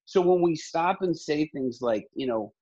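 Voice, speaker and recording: A man's voice: a little high, animated, moderate pace, warm tone, dull audio. A male pastor talking in an interview, telling stories in an earnest, impassioned, preacherly way. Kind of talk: earnest conversational storytelling.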